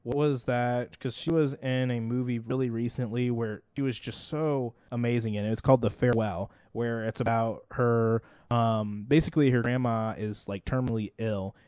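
A man's voice: medium pitch, fairly even intonation, moderate pace, hardly any pauses, darkish tone, clean tone, no echo, clean studio sound. A man, co-hosting a casual podcast about movies, talking in a loose, rambling way full of "like". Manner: rambling, heavy on "like" fillers. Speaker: podcast co-host.

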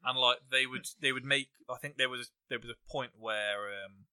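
English bloke hosting a podcast, tense bright tone, rambly storyteller, casual chat. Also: male voice, mid-range voice, fairly even intonation, moderate pace, clean tone. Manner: rambling anecdotal storyteller, laughs while talking. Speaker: podcast host. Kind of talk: casual chat and fight predictions.

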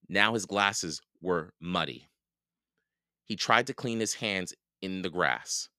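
A man reading a children's book aloud for a podcast, slow and expressive. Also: deep voice, no echo, studio quality. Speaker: podcast read-aloud host.

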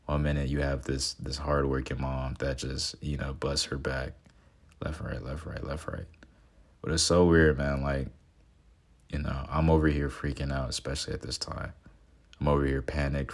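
Super deep voiced 20 yr old guy, kinda monotone, rambling and earnest, lots of um and uh. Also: normal speed. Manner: rambling, with frequent fillers and restarts; earnest and sentimental. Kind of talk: casual reflective talk.

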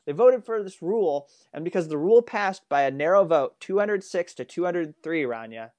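A man's voice: fairly high pitch, lively intonation, a little mellow, no room sound. Chatty male political show co-host. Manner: reads out quotes, laughs often, halting with fillers. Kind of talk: casual political commentary.

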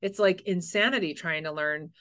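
A woman's voice: on the low side, moderate pace. A woman from the United States hosting a casual podcast chat, talking frankly and acting out quoted conversations as she tells stories. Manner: frank, animated storyteller who acts out quotes. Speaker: podcast host.

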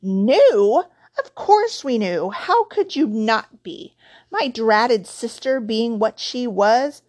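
A resentful aunt shrieks and rants in a loud, shrill voice, as a woman reading a storybook puts her on. She sits slightly above the usual pitch of her voice. Her manner is bitter and relentless, spilling years of grievance. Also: lively intonation, takes it slowly, no room sound. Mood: shrieking. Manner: ranting.

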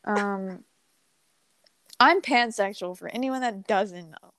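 A woman's voice: mid-range voice, takes it slowly, pauses often, a bit bright, no room sound. A young woman in her teens telling a story in casual chat, rambling with lots of fillers and laughs. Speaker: podcast co-host.

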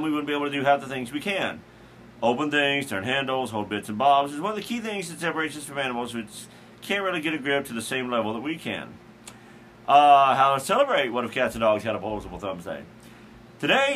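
A man's voice: mid-range voice, fairly bright tone, a little hiss or hum. A man hosting a casual talk show, rambling through holidays with asides and fillers. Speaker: host. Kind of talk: casual chat about daily holidays.

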